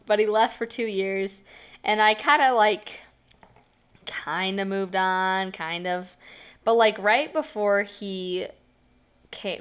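A tired young woman hosting her own podcast, telling a story in a rambling, self-conscious way with many giggles and fillers. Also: mid-range voice. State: tired, yawning. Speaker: podcast host. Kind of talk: casual solo podcast storytelling.

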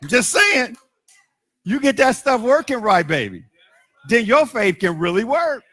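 Middle-aged preacher man, aave, high bright voice, goes from quiet to shouting and half singing. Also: sing-song, unhurried. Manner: impassioned preaching, shifting from hushed to shouting. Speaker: pastor. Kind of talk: sermon.

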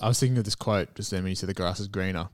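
A man's voice: deep voice, rapid-fire, no room sound, clean studio sound. A man co-hosting a podcast, laid-back and jokey, mostly giving short replies. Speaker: podcast co-host. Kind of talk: casual film chat.

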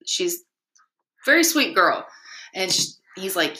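A woman's voice: medium pitch, sing-song, measured pace, pauses often, pushed and bright, roomy sound, rough recording. A woman guest telling a story in a chatty, rambling, casual way, laughing now and then.

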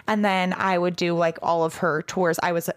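A woman's voice: on the low side, moderate pace, no echo, clean studio sound. Giggly young woman telling a story. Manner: giggly, animated storytelling with lots of fillers. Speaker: podcast co-host. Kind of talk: casual chat.

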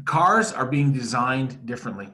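A man co-hosting a casual business podcast, playful and joking, swinging between loud and quiet. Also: medium pitch, sing-song, moderate pace. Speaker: podcast co-host.

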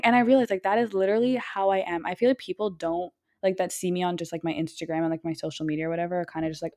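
A young adult woman co-hosting a podcast in casual chat, talking loud and fast and wandering off on tangents. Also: mid-range voice. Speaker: podcast co-host.

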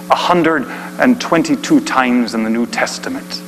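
A man preaching a dramatic story sermon, swinging between hushed delivery and shouting. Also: mid-range voice, measured pace. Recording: long hall reverb, faint hum.

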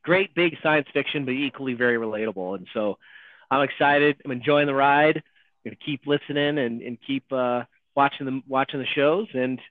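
A man co-hosting a casual chat about a TV show, firing off excited questions. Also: medium pitch, a little fast, dry recording. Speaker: podcast co-host. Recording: dry tinny phone-like line.

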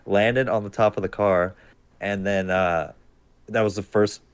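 A man's voice: lowish voice, fairly even intonation, unhurried, smooth. A man in casual chat, telling a rambling game anecdote with frequent restarts. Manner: rambling, self-correcting storyteller.

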